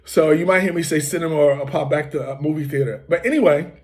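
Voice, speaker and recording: A man's voice: fairly high pitch, quick pace. Rambling American man telling a story. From United States. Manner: relaxed, rambling, many fillers and restarts. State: occasional coughing. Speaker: host. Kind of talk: casual storytelling.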